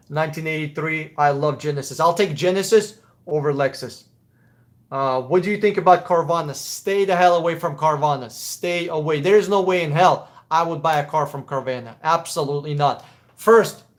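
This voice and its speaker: Blunt, cursing Russian-accented man. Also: fairly high pitch. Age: adult. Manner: blunt, profane, opinionated. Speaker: livestream host answering chat questions. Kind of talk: casual live Q&A.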